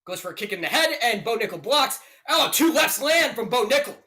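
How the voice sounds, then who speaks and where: Young guy streaming fight play-by-play, bright sharp voice, jokey and hyped, blurts out loud calls. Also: very high-pitched, brisk. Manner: excitable, jokey, swings to loud outbursts. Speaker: live stream commentator. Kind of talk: joking play-by-play commentary.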